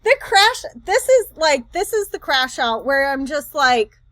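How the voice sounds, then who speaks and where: Woman host, high voice, rambling reaction commentary, dry close sound. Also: unhurried, no room sound. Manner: chatty, rambling, animated asides.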